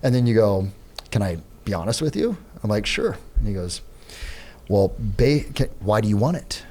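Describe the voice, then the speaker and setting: A man with a fairly low voice tells a story in a relaxed podcast chat. He is animated and jumps into the voices of the people he quotes. He talks as a sales trainer who is a guest on the show. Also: moderate pace. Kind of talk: casual storytelling. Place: podcast studio.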